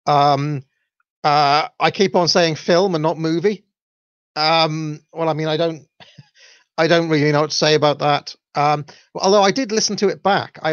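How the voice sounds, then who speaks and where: A man's voice: fairly high pitch, no echo, lo-fi sound. A Welsh man hosting his own show, talking casually and rambling with many fillers and self-deprecating asides. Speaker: podcast host. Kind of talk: casual solo livestream talk.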